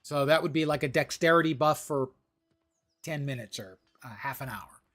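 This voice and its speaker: A man's voice: mid-range voice, moderate pace, fairly bright tone, faint music behind. A man livestreaming a game, giving casual commentary in a wry, self-deprecating way.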